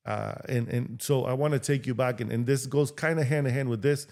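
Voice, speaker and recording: A man raised in Mexico talks through his past in a podcast conversation. His voice sits at an ordinary middle pitch, and he brings the people in his stories to life by acting out what they said. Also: fairly quick, gravelly. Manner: animated, acts out quoted dialogue. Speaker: podcast guest, real estate agent. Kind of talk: storytelling interview talk.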